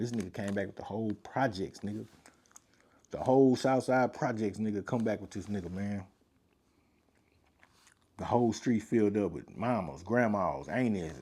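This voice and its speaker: A man telling a personal story in casual, slangy speech, full of filler phrases and profanity, growing more animated at the tense parts. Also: lowish voice. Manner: animated, rising louder in tense moments.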